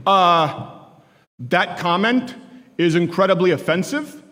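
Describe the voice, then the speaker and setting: A stern, humorless father delivers a stiff rebuke, as a man puts him on mid-story. The voice sits high and bright for a man. Long hall reverb trails behind each word. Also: slow, heavily acted. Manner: stiff, disapproving.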